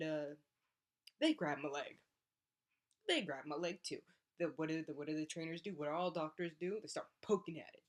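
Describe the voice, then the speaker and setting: A young woman, a college athlete, telling a personal story in a casual vlog and acting out the voices of the people in it. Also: low voice. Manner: animated, acts out voices in her story.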